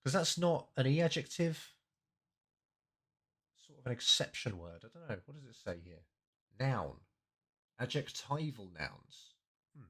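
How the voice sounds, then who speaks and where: A man's voice: mid-range voice, big pitch swings, measured pace, pauses often, a bit bright, breathy edge. A man casually breaking down language and grammar, thinking aloud with many fillers and self-corrections. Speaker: language learning streamer.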